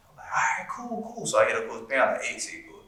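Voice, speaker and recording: A man, a former football player telling stories on a podcast in a casual, animated way, acting out the people he quotes. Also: mid-range voice, rapid-fire. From Louisiana, US. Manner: animated, acts out quoted voices, profane slang. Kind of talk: casual storytelling. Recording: echoey room, distant mic.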